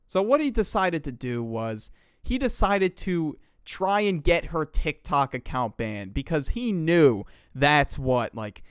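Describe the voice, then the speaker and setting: Young man, slangy storytime narration, slightly high voice, smooth clear tone, dry close mic. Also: slow pace, no echo. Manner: animated, slangy, acts out quotes in shifting voices.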